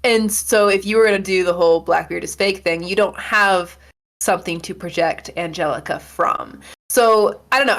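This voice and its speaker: A woman co-hosting a film podcast, talking through her views in long, quick run-on analysis with fillers. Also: lowish voice. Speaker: podcast co-host. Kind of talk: casual film discussion.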